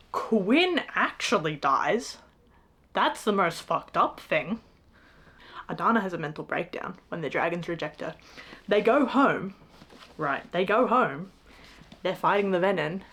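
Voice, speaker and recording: A woman's voice: fairly low pitch, a bit bright. A young woman reviewing a book in a casual rant, exasperated and sarcastic, swearing freely.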